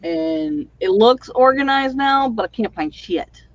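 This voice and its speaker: A woman's voice: on the high side, lively intonation, a little slow, no echo, dull audio. A woman hosting a writing livestream, chatting casually and rambling with lots of fillers over a video call. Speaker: livestream host and author.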